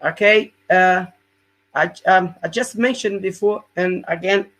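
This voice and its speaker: A man's voice: high voice, unhurried, fairly bright tone. A man teaching core exercises in a live webinar as a fitness coach, explaining step by step in non-native English and often checking in with "yeah?".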